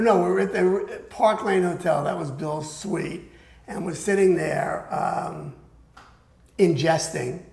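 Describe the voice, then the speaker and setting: An older man, a guest in an interview looking back on his music career, tells animated anecdotes and acts out the voices of the people in them. His voice is creaky and on the high side, and the room is echoey.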